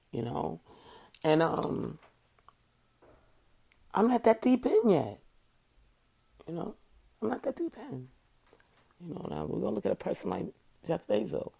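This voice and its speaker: A woman hosts an online show, speaking earnestly to viewers and repeating "you know" emphatically. Her fairly low voice is dark, creaky and a bit breathy, swinging widely in pitch at an unhurried pace with long pauses.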